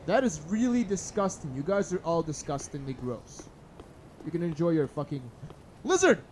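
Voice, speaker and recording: A young man commentating a blind playthrough of a hard video game, swearing and shouting at enemies, then muttering to himself. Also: moderate pace, a little hiss or hum. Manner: swearing, yelling at enemies, sudden pitch jumps. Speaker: gaming channel host. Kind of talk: blind let's play commentary.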